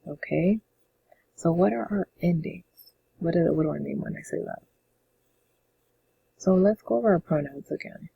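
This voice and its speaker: Gravelly-voiced Spanish teacher checking in constantly. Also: medium pitch, normal speed, pauses often, narrow, tinny audio, a little hiss or hum. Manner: checks in often with "okay?"; patient, repetitive step-by-step explaining. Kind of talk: classroom-style lesson explanation.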